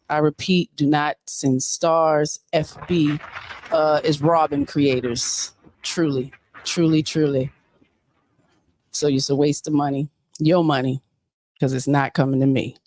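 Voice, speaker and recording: A woman's voice: low voice, no echo. A woman hosting a casual livestream, preachy and emphatic, who repeats her points. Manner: animated, preachy, emphatic repetition. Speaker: livestream host.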